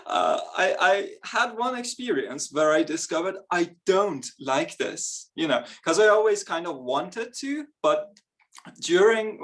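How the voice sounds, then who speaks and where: A man's voice: fairly high pitch, gravelly, fairly bright tone. A young man performing a stand-up comedy set, chatty and self-mocking, laughing between his lines. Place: live comedy event on stage.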